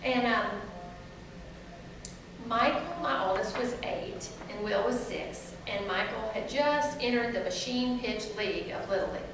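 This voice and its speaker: This storytelling talk comes from an author in her forties with a Southern US accent, chatting, laughing and staying animated as she calls her live audience "y'all." Her voice is on the high side and unhurried. A far-off mic in an echoey room catches it all, along with plenty of noise.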